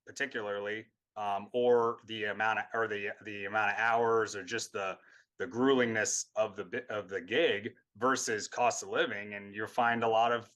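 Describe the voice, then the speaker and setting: A man's voice: fairly low pitch, fairly even intonation, moderate pace, a bit bright. A man, a guest on a talk show, speaking in casual conversation, searching for words and often restarting his sentences.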